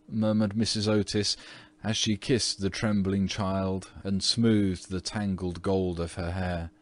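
A man reading a classic novella aloud as an audiobook narrator, in measured storytelling. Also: fairly low pitch, little pitch movement. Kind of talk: scripted narration.

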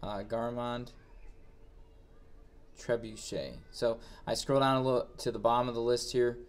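A man with an ordinary mid-pitched voice narrates a screen-recorded software tutorial. He reads out each step and then talks it through in a plain way, thinking aloud as he goes. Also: steady tone, normal speed. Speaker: instructor.

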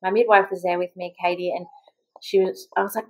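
In a casual interview, this young Australian woman, a mother, speaks in a lowish voice with fairly even intonation. She rattles through her story with plenty of "like" and acted-out quotes, though the audio is poor.

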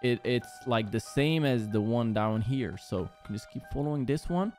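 A young gaming YouTuber does horror game commentary, getting jumpy and panicky as he runs through a maze and calling his viewers "guys." His voice is medium-pitched with a darkish tone, and game music plays behind him.

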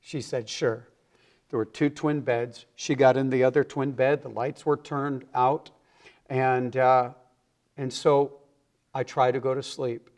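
A man's voice: medium pitch, flat delivery, unhurried, darkish tone. A man, an evangelist and guest on a TV interview, telling his personal testimony earnestly and acting out the people in his story. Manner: earnest storyteller who acts out the quoted voices.

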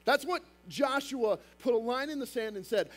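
High-voiced fast-talking male pastor. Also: expressive, a bit bright. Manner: emphatic, conversational preaching with frequent asides. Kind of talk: sermon.

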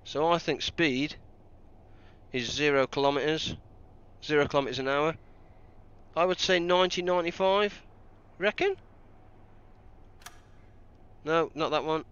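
A man's voice: on the high side, fairly even intonation, moderate pace, long pauses, a bit bright, clean tone, lo-fi sound. A man doing live commentary on a game he is playing, thinking aloud and joking at his own mistakes. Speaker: game streamer.

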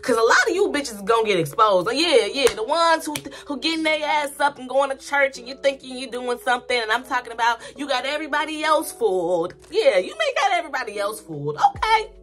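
A woman's voice: high voice, expressive, fast talker, hardly any pauses, fairly bright tone. A woman vlogger giving spiritual commentary in a blunt, profane, emphatic rant that repeats points over and over. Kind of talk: ranting casual commentary.

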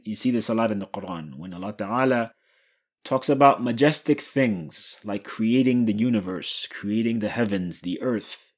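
A man with a low, slightly husky voice teaches a grammar lesson. He poses questions to his listeners, then answers them himself, slowly repeating the key phrases so they sink in. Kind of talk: explanatory lesson.

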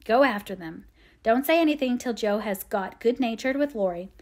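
A sensible, kind young elder sister, as a woman reading a storybook voices her. She coaxes gently in a slightly high voice. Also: animated, moderate pace. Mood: coaxing.

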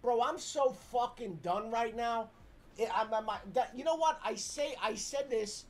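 A middle-aged man, co-hosting a casual reaction stream and ranting loudly with profanity and rapid repeated questions. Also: very high-pitched. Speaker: streamer's father, co-host.

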